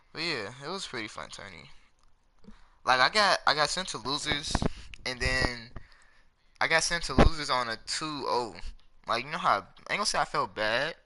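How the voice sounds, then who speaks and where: Hoarse young man, excitable game commentary. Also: mid-range voice. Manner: excitable, reacting loudly to the match. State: hoarse, sick voice. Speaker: gaming video creator. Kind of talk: casual commentary while playing. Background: loud game music and effects.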